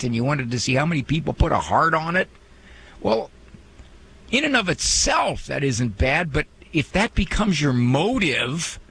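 A man hosting a radio talk show, speaking in a lively, folksy way with joking asides. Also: medium pitch, gravelly, a little hiss or hum, low-quality recording. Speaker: radio host and psychologist.

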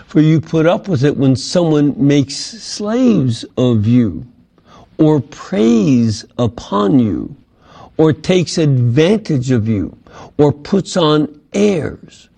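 A man leading a Bible study, reading passages aloud and then unpacking them. He talks slowly, with a warm, mellow tone. He often stops to restart a thought or add an "um". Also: on the high side, sing-song, vocal fry. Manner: explanatory, with frequent fillers and restarts.

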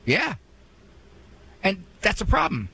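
Animated folksy male radio host. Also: high-pitched, slow, creaky, husky. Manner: folksy and joking, animated delivery. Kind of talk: casual radio monologue.

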